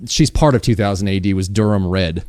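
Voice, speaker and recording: An American man with a low, mellow voice hosts a laid-back podcast chat. He sounds eager and talkative, and his voice is recorded close and dry with no room sound. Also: dry recording. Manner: eager and chatty, quick reactions. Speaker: podcast host. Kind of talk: casual interview chat.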